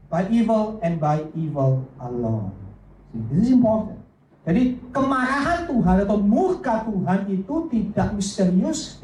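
Guy preaching, animated, lots of repeats, mic a bit far off, roomy echo. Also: high-pitched, slight background noise. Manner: animated, repeats words, acts out a story character. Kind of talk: sermon, mixing English with Indonesian. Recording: echoey room from far off, faint ambience.

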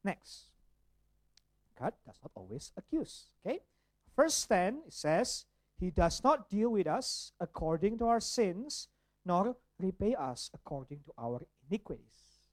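A male pastor preaching a sermon, emphatic and full of rhetorical questions, rising to loud stresses and dropping to soft trailing ends. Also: high-pitched, very animated, a little slow, no echo.

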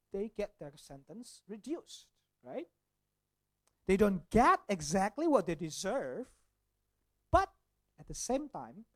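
In a high-pitched voice, a pastor preaches an animated, searching sermon, full of rhetorical questions and frequent sentence restarts. The sound is dry and close-miked, with no echo.

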